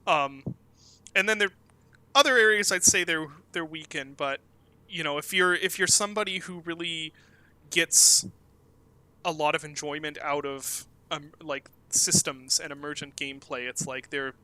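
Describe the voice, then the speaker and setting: Bright-voiced talkative man, rambling. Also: a little high, moderate pace, smooth, no echo, poor audio. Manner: talkative, rambling with many fillers. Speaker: game developer guest. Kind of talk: casual interview chat.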